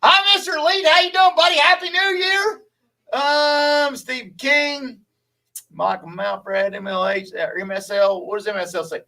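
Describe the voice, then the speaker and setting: Bright, high-voiced Southern man chatting. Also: fairly even intonation, a little slow, vocal fry, far from the mic, rough recording. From Louisiana. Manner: folksy, chatty, laughs easily. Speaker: logger streaming to viewers. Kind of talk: rambling live-stream chat.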